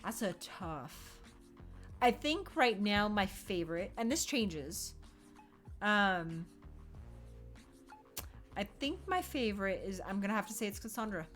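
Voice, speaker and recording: A woman's voice: mid-range voice, very animated, measured pace, pauses often, a bit bright. A young woman streaming, chatting casually and animatedly, laughing often, swearing and acting out quotes. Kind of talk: casual chat. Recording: faint music behind.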